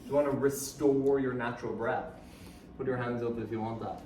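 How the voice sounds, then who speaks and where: A man, a guest speaker giving a lively, joking talk and coaxing the audience to join in. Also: medium pitch, fairly quick, very noisy. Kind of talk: live motivational talk to an audience. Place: event hall with an audience. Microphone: phone camera from the audience. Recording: echoey hall phone recording from far off.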